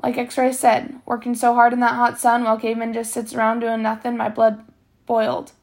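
A woman's voice: on the high side, monotone, a little fast, vocal fry. A woman reading aloud the lines of a taunting teenage boy bully in a storybook. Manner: taunting, mocking insistence.

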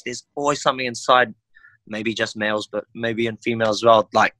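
A young man with a New Zealand accent, a fighter talking in a casual podcast interview, animated and slangy. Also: medium pitch, fast talker, dry recording. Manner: animated, slangy, says "bro" and "eh". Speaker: MMA fighter guest.

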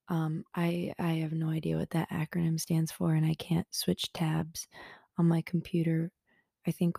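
Slow, gravelly woman half-whispering. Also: low-pitched, no room sound, studio quality. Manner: rambling, self-mocking, often hushed to a whisper. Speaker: podcast host. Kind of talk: casual solo podcast chat. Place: bedroom at home.

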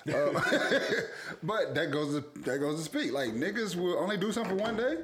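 A man's voice: a little high, big pitch swings, normal speed, a crowd in the background. A young man co-hosting a casual talk show, telling stories loosely with lots of swearing and frequent laughter. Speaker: podcast co-host. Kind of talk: casual chat.

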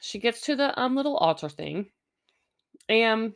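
A woman's voice: a little high, lively intonation, unhurried. A middle-aged woman hosting a podcast, chatting casually and sarcastically with lots of fillers and asides. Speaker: podcast host recapping a reality show. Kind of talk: casual chat. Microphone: close mic, chewing audible.

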